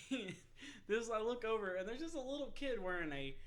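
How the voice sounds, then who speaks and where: Young male podcast co-host, higher voice, swears and laughs through rambling stories. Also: moderate pace. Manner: profane, laughing, animated storytelling. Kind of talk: casual sports podcast banter.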